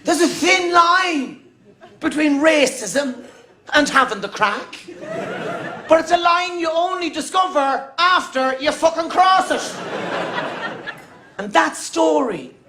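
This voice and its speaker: A man's voice: extremely high pitch, animated, a little slow, long pauses, noisy background. A middle-aged Irish man telling a stand-up story on stage, emphatic and profane. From Ireland. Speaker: stand-up comedian. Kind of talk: stand-up comedy routine. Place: comedy stage. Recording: echoey venue.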